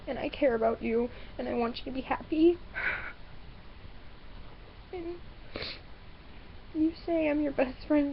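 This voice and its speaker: A teenage girl crying and sniffling through a halting webcam apology, repeating herself. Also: sits high, vocal fry, lo-fi sound, a little hiss or hum. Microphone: webcam built-in mic.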